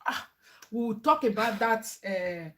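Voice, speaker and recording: A woman's voice: fairly high pitch, expressive, takes it slowly. A woman with a Nigerian accent, a mother chatting animatedly in a family vlog, laughing often and mixing English with pidgin.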